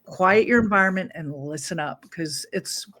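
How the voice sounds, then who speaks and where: A woman's voice: lowish voice, normal speed, sharp tone. A woman hosting a reselling show, introducing a video in a chatty, slightly scattered, upbeat way.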